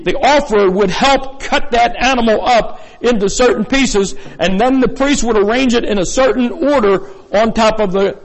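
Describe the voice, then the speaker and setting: A man's voice: high voice, vocal fry, long reverb tail, rough recording. A man preaching a sermon as pastor, in a folksy, rambling way with many fillers and asides. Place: church sanctuary.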